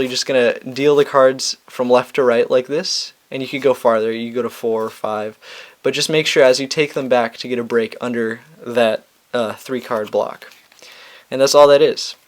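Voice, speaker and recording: Young guy walking through a card trick, laid-back and chatty, mid-pitched voice. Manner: relaxed and chatty, with fillers and restarts. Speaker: magic tutorial host. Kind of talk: casual instructional explanation.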